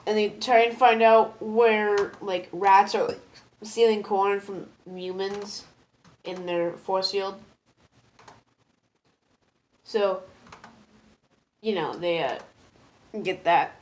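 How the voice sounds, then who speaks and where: A woman talking through a casual spoken review at a middle pitch, rambling and hesitant with plenty of fillers. She is easily moved and laughs at herself. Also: steady tone, slow, long pauses. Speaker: episode reviewer.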